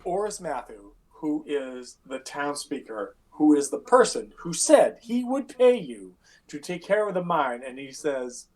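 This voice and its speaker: Casual, profane male game master, a bit high-voiced, narrates with sound effects. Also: very animated, a little slow, darkish tone. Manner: casual, swearing, acts out scenes with sound effects.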